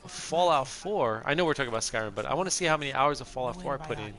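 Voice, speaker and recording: A man's voice: medium pitch, lively intonation, rapid-fire, fairly bright tone. A middle-aged man streaming a video game, chatting in a rambling, casual way and laughing often. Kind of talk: casual gameplay chat.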